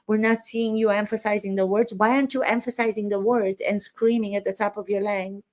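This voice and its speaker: Woman acting coach, emphatic commentary, fires off rhetorical questions, mid-pitched voice. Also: darkish tone. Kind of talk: commentary on trial footage.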